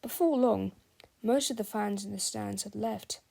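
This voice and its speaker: A woman's voice: medium pitch, a little slow, creaky, dark tone. A woman reading a children's book aloud, telling the story expressively and speaking to the listener directly. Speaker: storybook reader.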